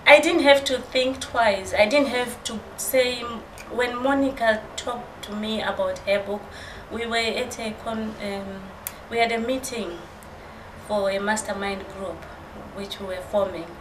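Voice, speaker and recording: A woman's voice: a little high, fairly even intonation, unhurried. A woman guest earnestly telling her story in casual conversation. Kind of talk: casual chat. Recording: roomy with background noise.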